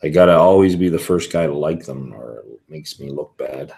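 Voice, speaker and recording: A man's voice: rumbling low, normal speed, creaky, warm tone. A man hosting a whisky livestream, rambling casually and answering viewer comments as he reads them. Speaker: whisky show host.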